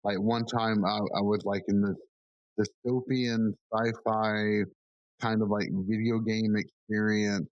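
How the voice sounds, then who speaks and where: A man hosting a podcast, chatting casually and telling stories in an animated way with plenty of fillers. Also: on the low side, measured pace, no echo, muffled recording. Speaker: podcast host.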